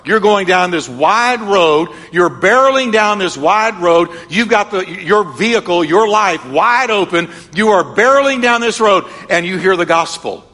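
A man's voice: high-pitched, lively intonation, a little slow, hardly any pauses, sharp tone. A man preaching a sermon as pastor, emphatic and repetitive, with a strong preaching cadence. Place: church sanctuary. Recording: long reverb of a large church hall.

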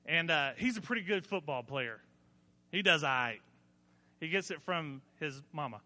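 A man preaching a sermon with a bright, sharp, high voice. He tells folksy stories and swings up into emphatic points, and his voice rings with long reverb through a church hall. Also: animated, moderate pace. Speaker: pastor.

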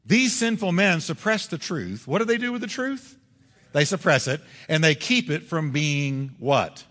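A man's voice: fairly high pitch, expressive, a little slow, a bit bright, long reverb tail. A male pastor preaching a sermon in a church, emphatic and full of rhetorical questions. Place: church sanctuary.

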